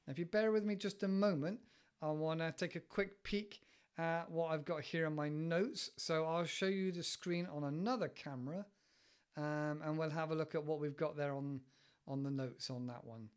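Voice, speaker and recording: A man hosting a casual English-learning podcast, rambling and animated, with lots of repeated words, recorded on a studio microphone. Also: on the high side, normal speed, clear, resonant tone. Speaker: podcast host. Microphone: studio microphone with headphones.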